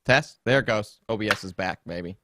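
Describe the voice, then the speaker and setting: A man's voice: lowish voice, a little fast, noisy background. A man hosting a podcast, chatting casually with a jokey, rambling, mocking manner. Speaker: podcast host. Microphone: desktop streaming setup.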